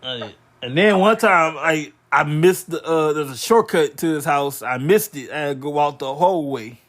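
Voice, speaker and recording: Young male co-host, slightly high voice, stammering casual storyteller. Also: normal speed. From Louisiana. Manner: stammering restarts, relaxed, many listening noises.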